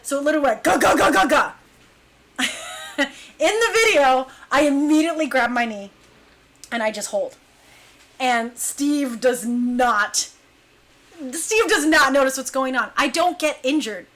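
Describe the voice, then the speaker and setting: Brief: young woman, high bright voice, lively casual storyteller who hushes for quoted lines. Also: measured pace, pauses often. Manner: animated, acts out quotes in hushed voice. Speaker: dancer telling a story.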